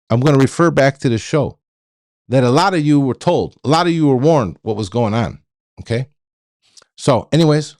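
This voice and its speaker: Male show host, middle-aged, blunt and repetitive, stammers, animated delivery in a dead-dry room. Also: mid-range voice, dry recording. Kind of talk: ranting monologue to viewers.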